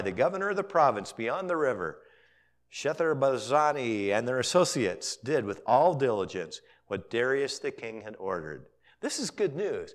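A man, a pastor, preaching a sermon and retelling scripture as lively storytelling, with casual voices for the characters. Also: on the high side. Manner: animated storytelling, paraphrasing characters in casual modern speech.

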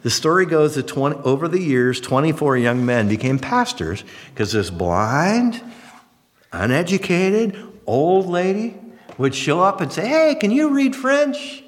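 Animated preacher in a reverberant hall. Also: male voice, a little high, measured pace. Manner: animated storytelling, acting out voices. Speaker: pastor. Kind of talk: sermon.

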